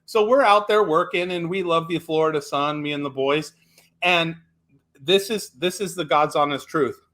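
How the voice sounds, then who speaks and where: A man's voice: fairly high pitch, moderate pace, fairly bright tone. A man calling in to a talk show, ranting emphatically with stumbling restarts and blunt profanity. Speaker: caller. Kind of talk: call-in radio chat.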